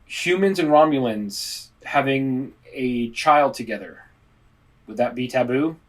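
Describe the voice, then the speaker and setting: A man's voice: mid-range voice, expressive, measured pace. A man co-hosting a podcast, thinking aloud with restarts as he offers his own take. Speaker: podcast co-host. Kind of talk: casual podcast discussion.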